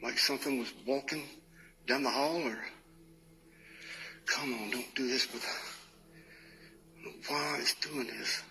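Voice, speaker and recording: A man's voice: medium pitch, takes it slowly, long pauses, big-room sound, over music. A man filming alone in an abandoned building, talking breathlessly and pleading as he investigates. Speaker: ghost hunter filming alone. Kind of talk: live paranormal investigation.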